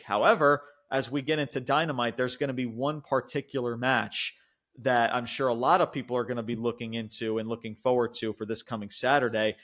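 A man's voice: mid-range voice, fairly quick. A young man co-hosting a podcast, recapping events in loose, rambling casual chat full of fillers, swearing and frequent laughs. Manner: animated retelling, laughs often. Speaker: podcast co-host.

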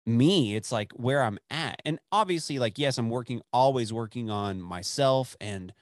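A man's voice: mid-range voice, animated, normal speed, no echo, clean studio sound. A man in his twenties from West Texas, rambling and swearing freely in casual chat, laughing often. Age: 20s.

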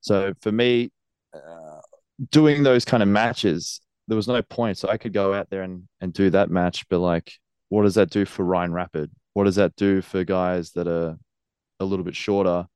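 A man with a very low voice talks earnestly about his wrestling career. He laughs often as he talks. The recording is dry and close. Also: moderate pace, a little mellow, clear, resonant tone, dry recording. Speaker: professional wrestler, guest. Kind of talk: casual interview.

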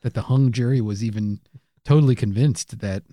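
Deadpan man, dry absurd jokes. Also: medium pitch, normal speed, no echo. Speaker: podcast co-host. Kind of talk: improvised comedy banter.

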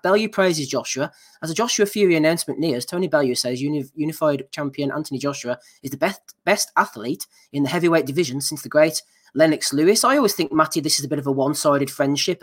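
A man hosting a casual boxing podcast, reading out listener nominations with dry, mocking asides. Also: a little high. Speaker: podcast host.

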